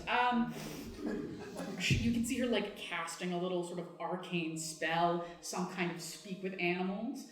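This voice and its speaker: A woman's voice: lowish voice, unhurried. A woman running a live tabletop improv game as dungeon master, vividly narrating scenes. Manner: lively, vivid scene-setting. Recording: echoey live theatre.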